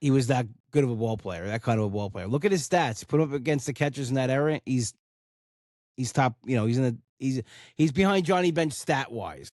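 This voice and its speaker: A man's voice: medium pitch, lively intonation, a little fast, a little mellow, dry recording, studio quality. A man, hosting a casual solo podcast, talking in a rambling, heartfelt way with many "you know" fillers. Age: 40s. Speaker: podcast host.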